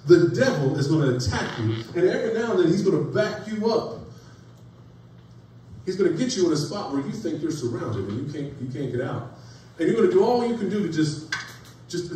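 A man's voice: a little high, very animated, fairly quick, mellow. A man preaching a sermon in a folksy way, telling stories and building to rising emphasis. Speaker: pastor. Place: church sanctuary. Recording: echoey church room from far off, faint noise.

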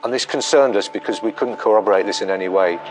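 A man, a police detective, recounting a murder investigation in a documentary interview, measured and pausing often with fillers. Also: fairly low pitch, faint music behind. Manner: measured, hesitant with many fillers.

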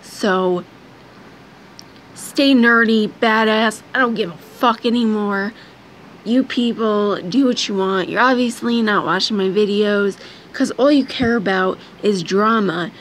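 A woman's voice: mid-range voice, a little slow, a little hiss or hum. A young woman venting in a blunt, frustrated vlog rant, swearing heavily. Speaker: vlogger. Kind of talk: angry personal vlog rant.

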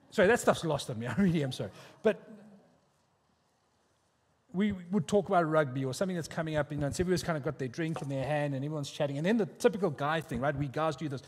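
Lay it out for the congregation like a South African pastor telling a story, chatty and a little high, with a long reverb in the hall behind you. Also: male voice, lively intonation, rapid-fire. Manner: conversational storytelling with quoted voices. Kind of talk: sermon. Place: church hall.

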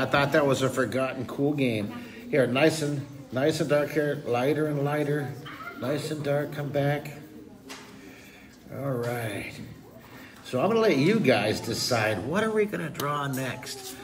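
A man's voice: mid-range voice, a little hiss or hum. A man teaching a live drawing lesson for kids, enthusiastic and playful, asking his audience to call words back.

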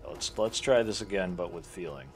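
Streamer: man, very deep voice, wry running commentary over game music. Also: expressive, moderate pace, darkish tone. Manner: joking, sarcastic asides. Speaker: gaming streamer. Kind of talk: casual let's-play commentary.

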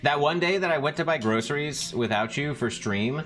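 A man's voice: a little high, fairly quick, soft background music. A young man who works in a bar, joking casually on a cooking stream and telling stories. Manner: joking, expressive storyteller who reads out chat messages. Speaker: bar worker.

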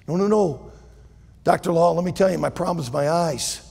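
A man acting out a desperate male patient begging a doctor for help, his voice climbing to shouts. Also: a little high, normal speed, gravelly, long reverb tail. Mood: pleading. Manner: pleading, rising to shouts.

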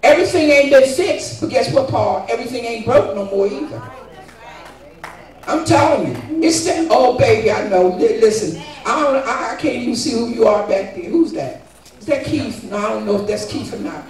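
A woman's voice: fairly high pitch, lively intonation, moderate pace, darkish tone. An older woman giving a fervent, emphatic church testimony. She keeps asking her listeners "guess what" as she talks. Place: church sanctuary. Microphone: distant room mic. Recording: echoey church from far off, faint music.

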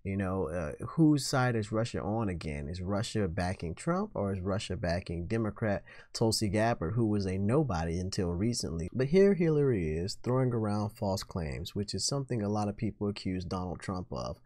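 A man's voice: on the low side, lively intonation, moderate pace, hardly any pauses, a little mellow, no echo, studio quality. A man hosting his own political commentary show, talking in an opinionated, sarcastic way. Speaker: host.

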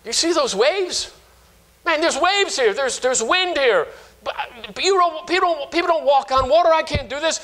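A man's voice: extremely high pitch, normal speed, a bit bright, pitched above the performer's own voice. A man preaching, voicing a frightened disciple who doubts he can walk on the waves. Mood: panicked.

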